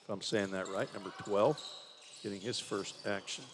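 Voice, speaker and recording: A man's voice: lowish voice, fairly even intonation, normal speed. Man, play-by-play basketball caller, chatty, faint gym noise behind. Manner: conversational, thinks aloud about stats. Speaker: play-by-play announcer. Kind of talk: live basketball commentary.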